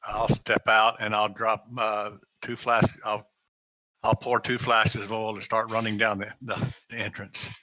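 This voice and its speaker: A man's voice: on the low side, monotone, measured pace, sharp tone, no room sound. A man playing in a tabletop game, planning his character's moves aloud with casual hesitations. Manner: plans aloud with fillers and restarts. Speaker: player. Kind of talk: casual play talk.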